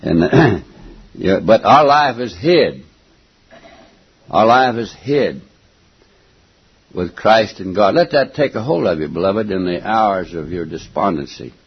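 An older man preaching a folksy, emphatic sermon, stopping now and then to clear his throat and going back over his words. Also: lowish voice, expressive, takes it slowly, long pauses. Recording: dull lo-fi recording.

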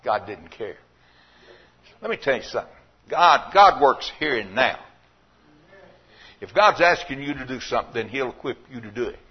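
A husky-voiced man preaching in a mid-range voice, moving between folksy storytelling and loud, emphatic preaching. The recording is dull and lo-fi. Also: medium pitch, animated, normal speed, long pauses. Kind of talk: sermon.

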